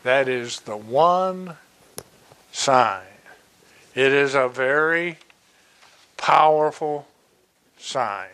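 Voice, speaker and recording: Slow, bright-voiced man preaching. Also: mid-range voice, expressive, clear, resonant tone. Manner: slow, deliberate Bible exposition with asides. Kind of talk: sermon.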